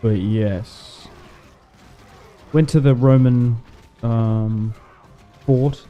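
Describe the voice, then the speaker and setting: In a muffled recording, a gaming livestreamer talks extremely slowly in a mellow, mid-range voice. He chats ramblingly and laughs often while streaming a strategy game.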